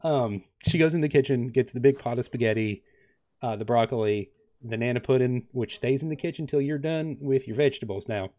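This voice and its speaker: Young male game master, mid pitch, halting narration full of fillers. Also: warm tone. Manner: hesitant, many ums and uhs.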